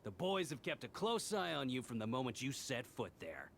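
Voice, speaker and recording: An actor playing a sly, mocking male tavern schemer in a game, smooth and taunting. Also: mid-range voice, very animated, normal speed, fairly bright tone, slight background noise. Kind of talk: game voice acting.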